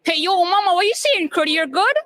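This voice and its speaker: A woman talks up herself in a stream of street slang, her voice high and light. The tone is boastful and easygoing throughout. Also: lively intonation, fast, sharp tone. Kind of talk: comedic slang clip.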